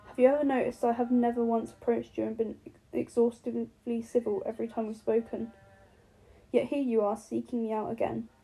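A cool, smug young prince , as a woman reads him, with a posh, clipped and polite delivery. The voice is husky and mellow. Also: on the high side, little pitch movement, brisk, rough recording.

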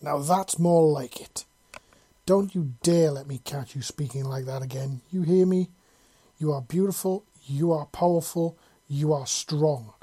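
A reader voicing a fierce, foul-mouthed woman soldier who growls and barks commands like a drill sergeant, in a husky, mellow voice. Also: mid-range voice, measured pace. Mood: commanding.

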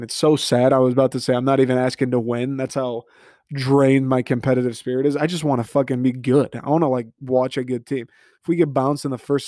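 A man's voice: mid-range voice, a little mellow, dry recording. Frustrated young man ranting, dry sound. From Detroit area, Michigan. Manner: frustrated, profane, rambling. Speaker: sports podcast host. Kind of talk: solo sports rant.

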